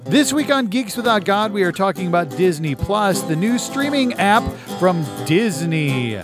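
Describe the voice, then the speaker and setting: A man's voice: high voice, very animated, normal speed, music in the background. A man hosting a casual podcast, upbeat and chatty, with restarts and fillers. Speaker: podcast host.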